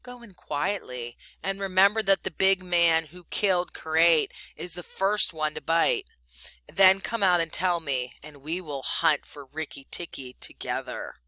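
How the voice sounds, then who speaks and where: A cold, plotting female cobra speaks in a hushed, firm tone, as a woman voices her in a storybook. Her voice sounds bright and close, with a dry, roomless sound. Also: low voice, measured pace, no room sound, rough recording. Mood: scheming.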